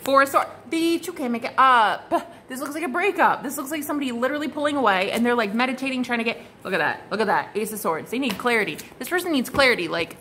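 Gushing, bright-voiced woman tarot reader. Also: fairly high pitch, lively intonation, fast, few pauses, a little hiss or hum. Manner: gushing, exclamatory, swears casually, sings snatches of songs. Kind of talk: casual tarot reading to camera.

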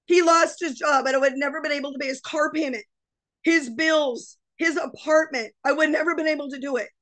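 Woman, middle-aged, high-pitched, mindset coach, fervent, preachy motivational speech. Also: steady tone, brisk, a bit bright. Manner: fervent, preachy, addresses the audience directly. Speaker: mindset coach and guest speaker. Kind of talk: motivational webinar talk.

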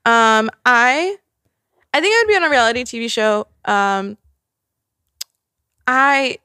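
A woman co-hosting a podcast in casual chat, chatty and quick to laugh. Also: a little high, clean tone, no room sound, clean studio sound. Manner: laughs often, chatty and animated. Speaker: podcast co-host.

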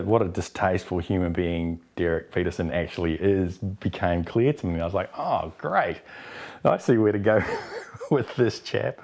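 A man from New Zealand, middle-aged, answers interview questions about his acting work in a candid, expressive way. His voice sits low and deep. He slips into quoted exchanges as he goes. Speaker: actor interviewee.

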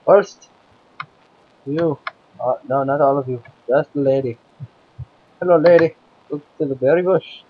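A man's voice: a little high, a little slow, pauses often. Scottish guy narrating his game, chatty and jokey, kinda muffled audio with a bit of hiss. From Scotland. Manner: playful, chatty, talks to the game characters. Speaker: let's play host. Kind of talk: gameplay commentary.

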